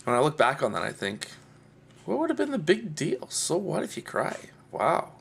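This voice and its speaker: A man's voice: fairly high pitch, wildly swooping pitch, normal speed, creaky, a bit bright, breathy edge. A man talking earnestly and heartfelt to camera in a personal vlog. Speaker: video blogger.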